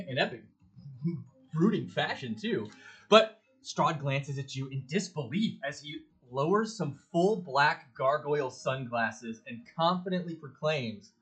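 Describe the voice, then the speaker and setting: A player in a tabletop role-playing game narrates a scene with a bright, somewhat husky voice. The pitch swings widely and the delivery is energetic and playful. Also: a little slow. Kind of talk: casual tabletop play.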